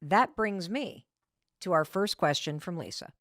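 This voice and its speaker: A middle-aged woman hosts a podcast, answering listener questions with motivational advice in an emphatic, conversational style that punches key words. Her lowish voice is animated and a bit bright, at a measured pace, in clean studio sound with no echo.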